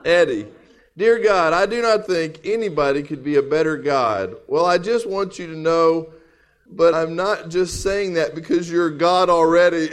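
A man preaching a sermon in a jokey, animated way, reading funny letters and laughing along. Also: on the high side, normal speed, clear, resonant tone. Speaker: pastor.

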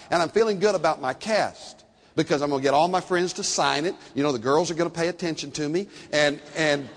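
An older man preaching a sermon, telling stories and swinging between soft, slow passages and loud, animated ones. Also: on the high side, long reverb tail, a little hiss or hum. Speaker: pastor.

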